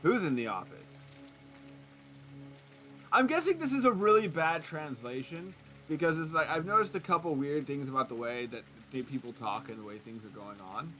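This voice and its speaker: A man's voice: on the high side, expressive, brisk, pushed and bright, faint music behind. A man streaming a detective game, commenting with sarcastic jokes. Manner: joking, sarcastic asides.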